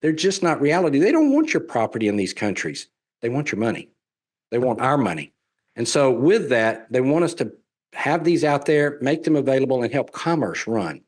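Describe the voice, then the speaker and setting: A man's voice: mid-range voice, big pitch swings, normal speed, darkish tone. A man with a Southern US accent giving a sales presentation on real estate investing, folksy and persuasive, repeating his key points.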